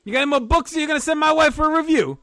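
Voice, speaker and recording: A man's voice: very high voice, rapid-fire, a bit bright, dry recording. A man putting on the voice of a crude, boisterous giant male wrestler from Argentina, teasing everyone. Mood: rowdy teasing. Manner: rowdy, crude, teasing, laughing at own jokes. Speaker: guest doing a character. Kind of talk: comedic impression on a podcast.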